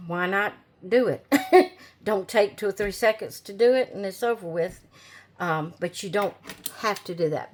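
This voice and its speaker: A woman hosting a craft channel, talking casually to her viewers in an unhurried way, with many fillers and restarts. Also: medium pitch. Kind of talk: casual tutorial talk to viewers.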